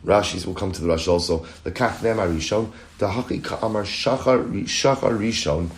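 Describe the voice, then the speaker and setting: Lively rabbi teaching Talmud, low voice. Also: male voice, echoey room. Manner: animated, explains aloud, reads Aramaic quotes quickly. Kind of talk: Talmud lecture.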